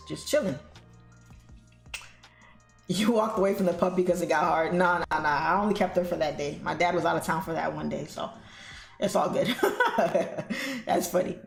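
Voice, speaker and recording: A woman with a lowish, gravelly voice hosts a trading livestream, telling a story as she chats casually with viewers, calling them "y'all" and "guys." The room is echoey, with faint music in the background.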